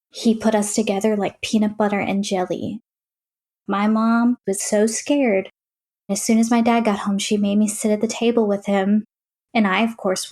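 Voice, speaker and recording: In an interview, a young woman describes her childhood plainly and matter-of-factly, with lots of fillers. Her voice is medium in pitch with a darkish tone.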